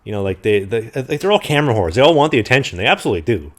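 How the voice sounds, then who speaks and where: A young man at middle pitch co-hosting a laid-back podcast. He jokes freely and pushes the sponsor read with playful hype. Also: very animated, rapid-fire. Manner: joking, hypes the sponsor. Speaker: podcast co-host. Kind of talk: casual chat with ad read.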